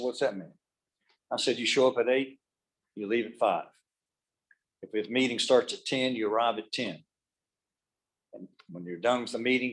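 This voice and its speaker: Lowish-voiced man giving a motivational talk. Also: rough recording. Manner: storytelling, drops his voice for emphasis. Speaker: motivational speaker. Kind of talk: motivational speech. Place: meeting room with live and video-call audience.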